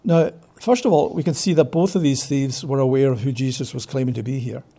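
A man's voice: medium pitch, creaky, mellow, breathy edge. A man preaching a Bible study, emphatic and drawing out key words, who asks rhetorical questions and answers them himself. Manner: stretches key words slowly for stress. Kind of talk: expository Bible teaching.

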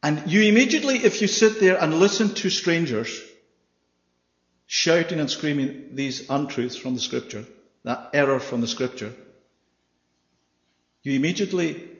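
A man's voice: mid-range voice, animated, unhurried, long pauses. A man preaching a sermon with emphasis, often checking in with his listeners by asking "Yeah?". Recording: echoey hall, dull sound.

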